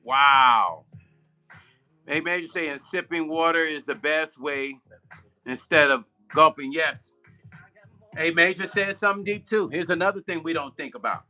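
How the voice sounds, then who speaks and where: A man hosts a live stream and chats loosely with his viewers in a very bright, slightly high voice. He repeats himself for emphasis and laughs at his own slips. Faint music plays behind him. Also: unhurried.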